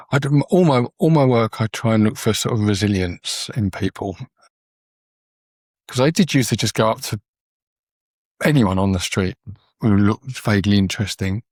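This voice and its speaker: A man's voice: medium pitch, a little mellow, no room sound, studio quality. A man, a documentary photographer telling stories as a podcast guest in an earnest, rambling way. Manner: rambling, frequent restarts, earnest. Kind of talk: casual conversational storytelling.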